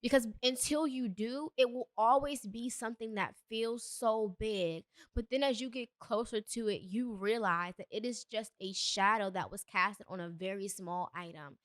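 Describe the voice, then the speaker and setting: Young woman podcast host, preachy motivational chat, middle pitch, dead dry sound. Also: moderate pace, hardly any pauses, fairly bright tone, no room sound. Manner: earnest, preachy, conversational with emphatic bursts. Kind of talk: solo motivational podcast talk.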